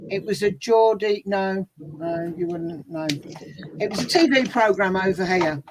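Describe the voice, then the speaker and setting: A woman's voice: mid-range voice, a little slow. A woman from Birmingham with a Birmingham accent, telling stories and laughing in a casual group chat. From Birmingham, England. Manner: chatty, laughing storyteller. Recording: noisy background.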